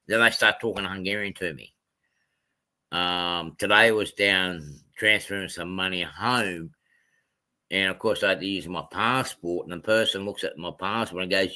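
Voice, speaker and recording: A man's voice: sits low, fairly even intonation, normal speed, sharp tone. A man from Australia chatting casually on a livestream, rambling with many ums and self-corrections. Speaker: livestream host.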